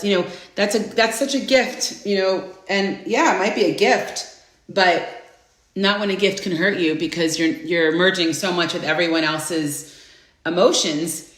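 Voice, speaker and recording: A woman in her forties hosting a live inspirational stream, chatting casually and greeting viewers by name with bursts of excitement. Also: on the low side. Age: 40s. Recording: roomy echo.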